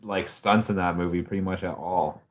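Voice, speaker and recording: A laid-back man offers dry opinions on films. He talks in a lowish voice and mumbles, swearing casually. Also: fairly even intonation, moderate pace. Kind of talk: casual movie chat.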